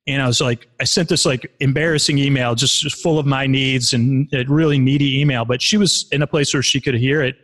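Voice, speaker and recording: A man's voice: mid-range voice, fairly even intonation, brisk, few pauses, fairly bright tone. A man in his forties telling stories candidly in a casual, rambling way, with many restarts and fillers, as a podcast guest. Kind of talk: casual conversational storytelling.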